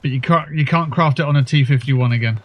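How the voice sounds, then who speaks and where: A man's voice: mid-range voice, fast. A man chatting casually and swearing now and then as he commentates his own gameplay on a livestream.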